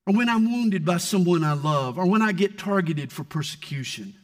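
A male preacher delivers a sermon in a higher-than-usual voice. His delivery is lively and full of rises and falls. He leans dramatically into scripture and poetry readings. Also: moderate pace. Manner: dramatic, reads scripture and poetry with sweeping swings in tone. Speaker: pastor.

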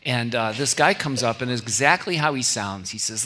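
Male pastor, middle-aged, from California; bright tone, casual storytelling sermon. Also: mid-range voice, normal speed, few pauses, a little hiss or hum. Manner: conversational storytelling with anecdotes and asides.

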